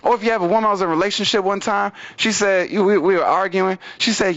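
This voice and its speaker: A young man doing open-mic stand-up comedy, casually telling stories, repeating "you know what I mean", with big pitch swings on punchlines. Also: very animated, quick pace, few pauses, a bit bright. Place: small venue at an open mic, in front of an audience. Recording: muffled lo-fi live recording.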